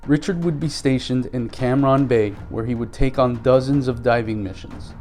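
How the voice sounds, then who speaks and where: Man, news voice-over, mellow tone, measured pace, faint music behind. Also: mid-range voice, steady tone. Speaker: news reporter. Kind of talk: scripted news narration.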